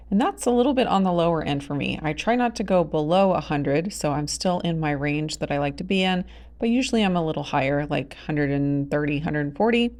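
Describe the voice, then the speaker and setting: A woman's voice: lowish voice, darkish tone. A woman vlogging casually from her small home farm and kitchen. She narrates her day plainly and coos sing-song at the animals.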